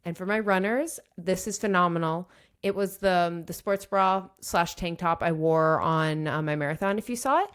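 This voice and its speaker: Upbeat lower-voiced woman co-host. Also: moderate pace, smooth. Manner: upbeat, enthusiastic product recommendations. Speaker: podcast co-host. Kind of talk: casual chat.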